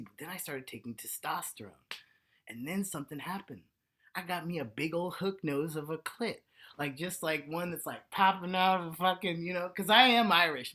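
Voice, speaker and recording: Bright, bawdy trans man storyteller. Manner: bawdy, profane and animated, acting out quotes with big jumps in pitch and volume. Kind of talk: live comic storytelling.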